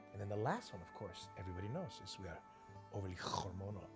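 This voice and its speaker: Animated man with a comic delivery. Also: lowish voice, fast, vocal fry, over music. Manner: animated, comic, does voices. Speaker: interviewee. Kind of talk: documentary interview.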